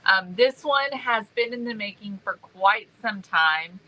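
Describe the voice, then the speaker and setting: A woman's voice: medium pitch, expressive, a little slow, pushed and bright, rough recording. A woman hosting a craft live stream, bubbly and chatty, greeting viewers by name. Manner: bubbly and chatty, many ums. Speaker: livestream host.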